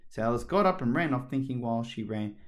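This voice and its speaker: A man narrating a children's story aloud with a steady, expressive read and the odd slip. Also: mid-range voice, fast talker. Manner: steady, expressive reading with small slips.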